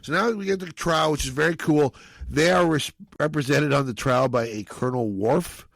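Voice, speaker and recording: A man with a gravelly, creaky voice hosts a casual film podcast. He rambles in an animated way and acts out the lines he quotes. The sound is dry and close. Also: a little high, moderate pace, no room sound. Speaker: podcast host.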